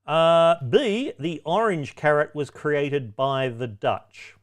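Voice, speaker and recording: A man's voice: fairly high pitch, takes it slowly. A man hosting a pub quiz, reading out questions with wry, cheeky asides and chatty self-corrections. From Australia. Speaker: quiz host.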